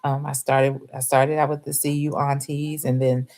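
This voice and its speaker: A middle-aged woman, telling a story in casual chat to her live audience, animated and laughing often. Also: extremely low pitch, moderate pace. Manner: animated, laughs often, acts out quoted voices.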